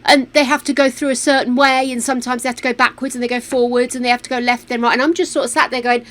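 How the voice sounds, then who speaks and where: A woman's voice: a little high, fairly even intonation, fast talker, few pauses, fairly bright tone. A woman, chatting casually while streaming a game at home, playful and full of exclamations. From United Kingdom. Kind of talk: casual gameplay chat. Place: home room with a fan running.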